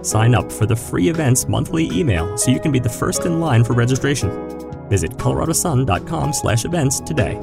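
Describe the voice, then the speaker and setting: Gravelly male host reading over music. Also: mid-range voice, lively intonation. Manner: measured, reading from a script. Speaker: podcast host. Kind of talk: scripted narration and announcements. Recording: music playing under the voice.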